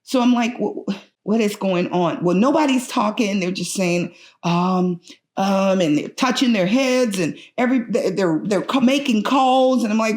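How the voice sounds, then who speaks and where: A middle-aged woman, a patient's mother, recounts a personal story in an anxious, animated way and acts out other people's lines. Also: medium pitch, normal speed. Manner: anxious and urgent, frequent restarts.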